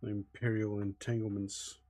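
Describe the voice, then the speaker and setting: A man's voice: lowish voice, flat delivery, mellow, no echo. A man joking and rambling in casual chat while streaming a game. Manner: slow, rambling, joking commentary.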